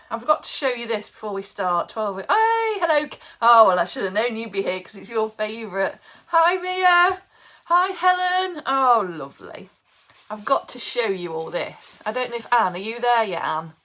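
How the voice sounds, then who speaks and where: Middle-aged english lady chatting away on her live bake-along, bit high, laughs a lot. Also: sing-song, moderate pace, sharp tone. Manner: chatty, greets viewers by name, laughs often. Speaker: live baking host. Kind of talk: casual live-stream chat.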